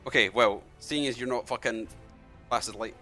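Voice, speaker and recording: A man's voice: mid-range voice, normal speed, bright, forceful tone, faint music behind. A man running a tabletop game, narrating loosely with lots of "kinda" and "like". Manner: rambling, heavy use of fillers like "kinda" and "like". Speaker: game master.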